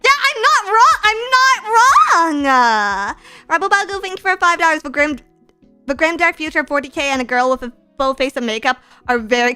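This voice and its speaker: A woman streamer chatting casually and reading out viewer donations, giggly and excitable, with teasing, playfully sarcastic banter and sudden shrieking laughs. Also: sits high. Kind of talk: casual live-stream chat.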